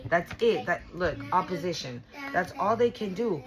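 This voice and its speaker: A woman's voice: lowish voice, animated, moderate pace, music in the background, rough recording. A woman doing a casual tarot reading for her viewers, blunt and profane, repeating and restarting herself for emphasis. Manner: blunt and profane, swears freely; emphatic and repetitive, restarts often. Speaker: tarot reader.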